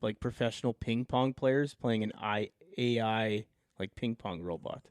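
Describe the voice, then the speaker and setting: A man's voice: fairly low pitch, unhurried, clean tone, no echo, clean studio sound. A man from Saskatchewan, co-hosting a podcast and describing things in an easygoing way with hesitant fillers. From Saskatchewan, Canada. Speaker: podcast co-host. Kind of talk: casual chat.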